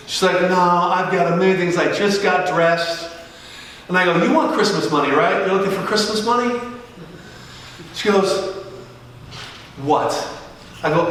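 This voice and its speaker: Man, middle-aged pastor, high bright voice, lively storyteller, echoey hall from far off. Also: unhurried, pauses often. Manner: joking, animated storyteller who acts out dialogue. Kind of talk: storytelling sermon. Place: large church hall. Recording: echoey church hall from a distance.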